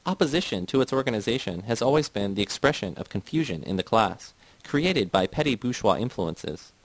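A man's voice: on the low side, lively intonation, a little fast, dry recording, rough recording. A man voicing a doctrinaire male party ideologue who lectures in a condescending tone. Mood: lecturing.

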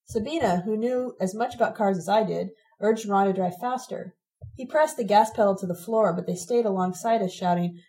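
A woman reading a first-person memoir aloud, steady and reflective. Her voice is mellow and warm, set at a middle pitch. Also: brisk, poor audio. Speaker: audiobook narrator.

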